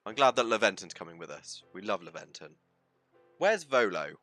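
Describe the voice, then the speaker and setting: A man's voice: lowish voice, big pitch swings, moderate pace, no room sound, faint music behind. A man giving casual, theatrical commentary while streaming a game. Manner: theatrical, swings into loud outbursts.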